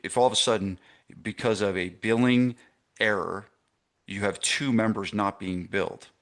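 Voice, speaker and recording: A man's voice: fairly low pitch, steady tone, moderate pace, fairly bright tone. A middle-aged man teaching a live online masterclass for gym owners, stressing points and checking in with his audience. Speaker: gym business coach.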